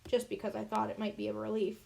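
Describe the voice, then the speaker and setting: A woman narrating a children's novel in the first person with an expressive, earnest reading. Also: medium pitch, fast, creaky. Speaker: audiobook reader.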